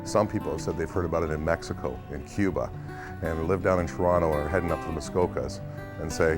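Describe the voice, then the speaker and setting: A man's voice: very deep voice, fairly even intonation, fast talker, over loud music. A man from a local tavern talking enthusiastically about the place in an interview. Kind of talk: casual interview.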